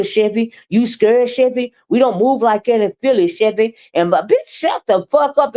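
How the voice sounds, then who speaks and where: A woman's voice: a little high, a little mellow. A middle-aged woman doing casual livestream commentary, blunt and profane, talking straight to her chat.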